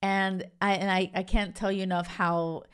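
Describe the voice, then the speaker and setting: A woman's voice: medium pitch, level tone, normal speed, clean tone. A young woman hosting a podcast, chatting casually and gushing, full of "like" and "you guys". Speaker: podcast host. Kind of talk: casual chat reviewing a reality show.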